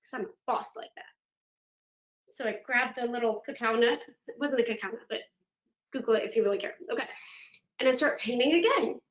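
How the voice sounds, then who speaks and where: A woman motivational speaker giving a virtual keynote, telling stories in an animated, dramatic way. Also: fairly high pitch, fairly quick, long pauses. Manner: animated, dramatic storytelling with laughs. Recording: echoey room, dull lo-fi sound.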